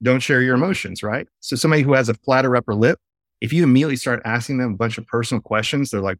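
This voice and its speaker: A man speaking as a podcast guest from his home office over a video call, explaining things in an animated way and telling stories eagerly. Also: mid-range voice, rapid-fire, no echo, studio quality. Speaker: podcast guest, face-reading trainer. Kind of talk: casual interview chat.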